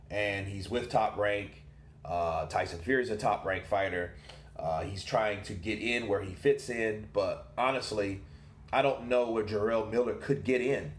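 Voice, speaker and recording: Animated man doing boxing commentary. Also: medium pitch, echoey room. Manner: animated and rhetorical, asks questions and answers them himself. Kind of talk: casual commentary monologue.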